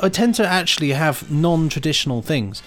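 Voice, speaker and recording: A man's voice: fairly high pitch, expressive, brisk, a bit bright, faint music behind. A man co-hosting a podcast, chatting casually and enthusiastically and laughing easily. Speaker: podcast co-host. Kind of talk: casual chat.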